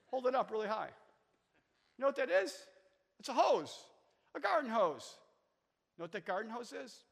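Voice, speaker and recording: A man in his sixties preaches with a high, lively voice, telling stories and drawing the crowd in. He moves from quiet words to loud shouts. The voice rings with a long reverb, as in a large church hall. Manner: animated, swings from quiet to shouting; storytelling, calls on the audience. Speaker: guest preacher. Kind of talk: sermon.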